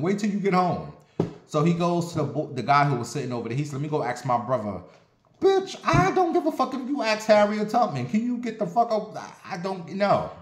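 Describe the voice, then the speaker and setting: A man in his forties telling a story in a casual vlog monologue, blunt and sassy, with lots of profanity and animated outbursts. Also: on the high side, slight background noise. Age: 40s. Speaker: vlogger. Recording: roomy echo.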